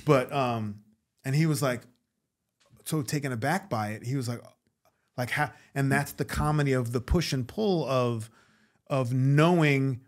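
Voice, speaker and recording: A man guest on a podcast, telling stories in a casual, animated way, acting out the voices of the people in them. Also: medium pitch, measured pace. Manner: animated, acts out voices in anecdotes. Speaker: guest actor. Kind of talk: casual storytelling interview.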